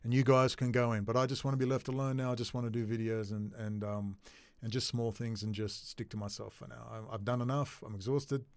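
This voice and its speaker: A man's voice: medium pitch, little pitch movement, fairly quick, a little mellow, smooth, dry recording. A man talking straight to his camera in a ranting monologue, agitated and swearing. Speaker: video blogger.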